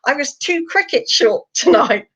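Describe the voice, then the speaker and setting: A woman's voice: mid-range voice, animated, fast talker, pushed and bright. A woman voicing a posh, polite male pet bearded dragon with a courteous, apologetic manner. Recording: slightly muffled lo-fi sound.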